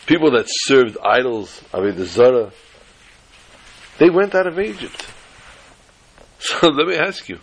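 A man teaching an informal Torah class, telling jokes and stories with lively jumps in pitch for emphasis. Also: vocal fry. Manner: animated storyteller who jumps to high pitch for emphasis.

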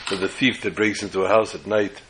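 A man's voice: sits low, fairly even intonation, a little fast, fairly bright tone, a little hiss or hum, rough recording. A man giving a Torah class lecture, explaining step by step and often restarting or rephrasing words mid-sentence. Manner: tells jokes as illustrations. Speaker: Torah teacher.

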